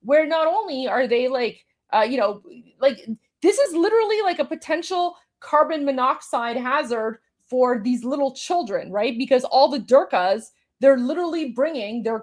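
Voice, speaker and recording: A woman hosting a livestream, commenting casually on video clips in a mocking, incredulous way with many fillers. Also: high-pitched. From Iran. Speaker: livestream host.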